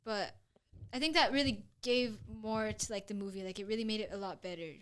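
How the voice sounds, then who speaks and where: A woman's voice: medium pitch, brisk, a bit bright, a little hiss or hum. A teenage girl hosting a student movie podcast, rambling casually with lots of fillers. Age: teens. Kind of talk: casual chat.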